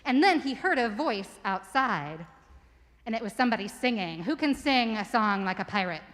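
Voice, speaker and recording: A woman in a church telling a children's story to the congregation, lively and stopping to ask listeners questions. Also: fairly high pitch, normal speed, in a large hall. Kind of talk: story for all ages told aloud to a congregation. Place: church sanctuary.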